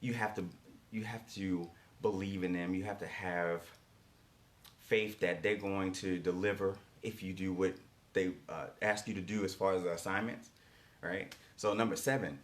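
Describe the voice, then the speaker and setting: With a deep voice, steady tone, and moderate pace, a man delivers emphatic motivational coaching. He returns to key lines repeatedly and checks in often with rhetorical "right?" questions.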